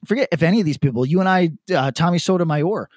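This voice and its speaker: Animated, profane male podcast co-host. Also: fairly high pitch, fast, no room sound, studio quality. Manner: animated, profane, laughs often. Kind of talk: casual podcast chat.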